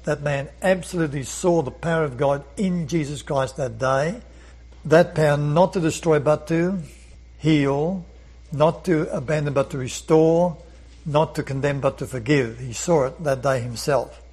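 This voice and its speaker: A man's voice: fairly high pitch, a little slow, a little mellow, breathy edge, low-quality recording. A man leading a Bible study lesson, earnest, often repeating words and asking rhetorical questions.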